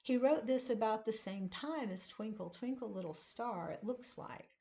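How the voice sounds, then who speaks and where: A woman giving a casual online poetry lesson, speaking slowly and deliberately and stressing the rhythm of lines. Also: fairly high pitch, gravelly, mellow. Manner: slow, deliberate, emphasizing rhythm. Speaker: poetry teacher. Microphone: camera at desk, seen gesturing.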